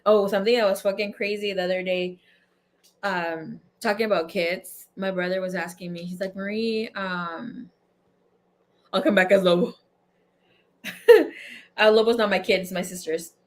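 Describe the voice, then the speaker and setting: A woman hosting a casual tarot livestream, telling stories to her viewers in a chatty, animated way, laughing often and swearing freely. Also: mid-range voice, moderate pace, pauses often. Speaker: tarot reader and livestream host.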